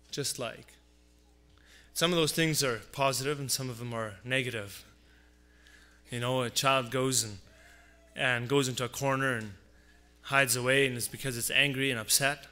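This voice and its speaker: A man preaching a Christmas sermon, earnest and repeating phrases for emphasis, dropping low on his asides. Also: bright, forceful tone. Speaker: pastor.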